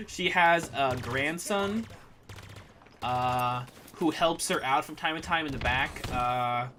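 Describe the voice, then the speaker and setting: A man's voice: a little high, animated, takes it slowly, pushed and bright, a little hiss or hum. A man streaming a game and chatting casually about running a tabletop campaign, rambling with lots of fillers and restarts. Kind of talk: casual chat while gaming.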